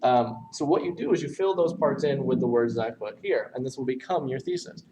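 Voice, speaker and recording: A man teaching essay structure, talking while he writes on a board and pausing to correct himself. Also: mid-range voice, expressive, far from the mic, noisy background. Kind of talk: recorded writing lesson.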